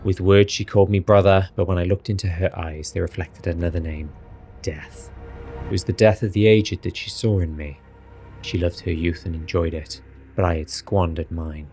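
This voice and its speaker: A man doing an ancient vampire lord who sounds irritated and noble, in a very low, hushed voice. The journal is read seriously and dramatically, with faint music behind. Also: fairly even intonation, moderate pace. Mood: brooding, solemn.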